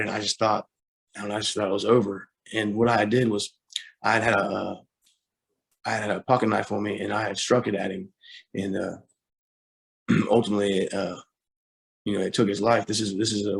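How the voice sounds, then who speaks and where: A young man recounts a painful episode from his past as a guest. His voice sits low and moves little in pitch, and he halts, restarts and leans on fillers, sounding shaken and close to tears. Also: little pitch movement, creaky, a bit bright. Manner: halting, with many fillers and repeated starts. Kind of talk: personal story in an interview.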